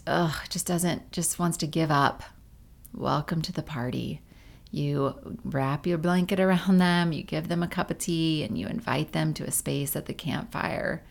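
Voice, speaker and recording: A woman leading a guided meditation in a gentle, unhurried way, with casual fillers along the way. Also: deep voice, vocal fry.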